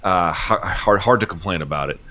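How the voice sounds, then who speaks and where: A man in his forties, an interview guest, talking casually on a video call in a rambling, halting way, swearing often. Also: low-pitched, sharp tone. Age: 40s. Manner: rambling, halting, emotional and profane. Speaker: interview guest, MMA journalist.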